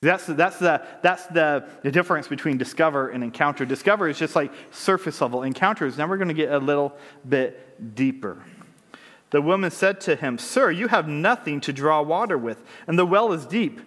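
A man's voice: fairly high pitch, expressive, moderate pace, a bit bright. A man preaching a sermon, reading scripture aloud and then unpacking it with conversational asides and rhetorical questions. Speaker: pastor. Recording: long hall reverb.

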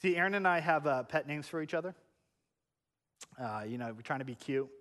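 A man in his thirties preaching a sermon in a church, animated and shifting between hushed and loud delivery. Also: fairly high pitch, a little fast, in a large hall. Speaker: pastor. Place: church sanctuary.

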